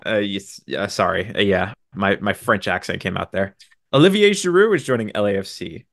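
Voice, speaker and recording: A man co-hosting a sports podcast, briskly running through signings and stats with dry, sarcastic asides. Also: fairly low pitch, animated, gravelly, fairly bright tone, no echo. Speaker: podcast co-host. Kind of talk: casual sports podcast chat.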